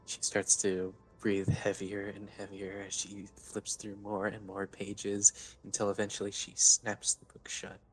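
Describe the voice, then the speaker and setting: A man narrating his character's actions in a tabletop game, halting, with hesitations. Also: on the low side, completely flat delivery, faint music behind. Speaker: player.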